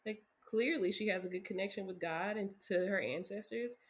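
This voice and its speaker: A woman's voice: medium pitch, a little fast, a little hiss or hum. Earnest woman in casual discussion. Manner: earnest, emphatic, conversational.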